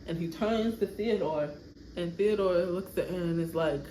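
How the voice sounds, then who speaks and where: A woman in a chatty, animated storytime, narrating her life-sim game and often laughing. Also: lowish voice, moderate pace. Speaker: vlogger. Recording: echoey room, faint background noise.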